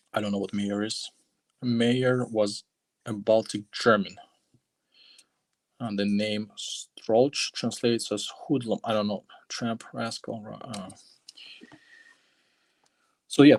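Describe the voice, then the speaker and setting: A man casually flipping through a book on a livestream, rambling and chatting with his viewers. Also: on the low side.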